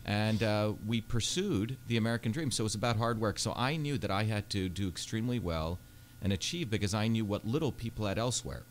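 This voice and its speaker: Guest spot: man in his 50s, deep-ish voice, earnest storyteller, faint background hiss. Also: lively intonation, fairly quick, hardly any pauses. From India. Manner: earnest, fluent storytelling with frequent fillers. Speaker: Senate candidate, guest. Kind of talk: radio interview. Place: radio studio.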